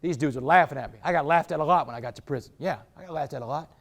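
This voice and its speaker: A man with a high-pitched voice delivers a motivational talk to a football team. He tells his story in an animated, streetwise manner, often calling the listeners "man" and "y'all.". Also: racing. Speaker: motivational speaker. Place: indoors, speaking to a football team.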